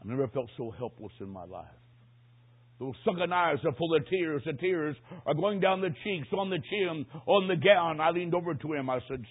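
A man preaching a sermon with dramatic storytelling, swinging from hushed to loud. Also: fairly high pitch, moderate pace, breathy edge. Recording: tinny phone-like recording.

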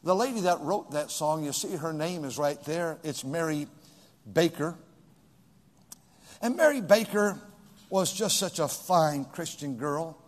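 A male pastor preaching a sermon in a church, swinging from shouts to hushed whispers. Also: a little high, lively intonation, a little slow, big-room sound.

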